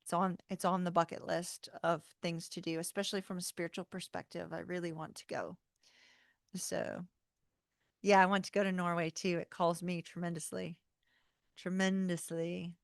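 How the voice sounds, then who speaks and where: Female tarot streamer, relaxed chatty host, gravelly, dry close sound. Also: fairly low pitch, moderate pace, no echo. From North Carolina, US. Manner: chatty, warm-hearted, laughs often, says y'all. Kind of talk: casual livestream chat.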